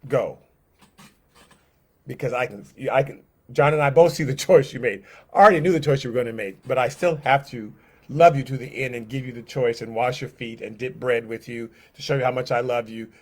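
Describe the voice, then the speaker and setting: A man speaking as a gentle, grieving teacher figure, quiet and earnest as he pleads with a friend. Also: mid-range voice, fairly quick, natural voice. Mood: pleading.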